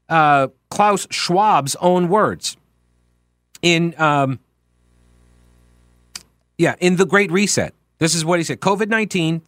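A man's voice: a little high, a bit bright, no echo, clean studio sound. A man hosting a political talk radio show, speaking in an opinionated, sarcastic and emphatic way.

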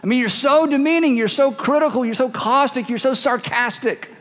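A man with a high voice delivers a sermon as a pastor. His delivery is emphatic, and he drags out key words for weight. The sound carries a long echo from a large church hall. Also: a bit bright. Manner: emphatic, slows down to stress words.

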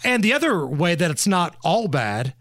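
A man's voice: sits high, very animated, normal speed, a bit bright, dry recording, studio quality. A male podcast host in casual comedic chat, setting up bits with a wry, sarcastic delivery.

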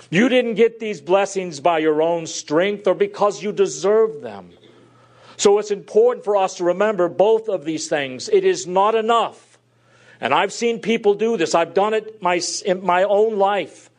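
Guy preaching a sermon verse by verse, earnest, voice a bit high, goes loud then quiet. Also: moderate pace. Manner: earnest, shifts between loud emphasis and soft drops. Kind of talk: expository sermon.

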